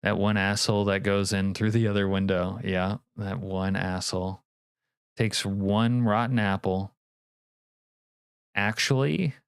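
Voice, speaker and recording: A man's voice: lowish voice, fairly even intonation, measured pace, creaky, clean tone, no room sound, clean studio sound. Joking, cursing man streaming a game. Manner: profane, jokey, reads chat aloud. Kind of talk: casual live-stream commentary.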